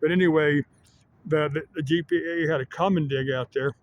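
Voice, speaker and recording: A man vlogging in a casual, rambling monologue that halts often on filler pauses. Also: fairly high pitch, fairly even intonation, muffled recording, slight background noise. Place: Arizona.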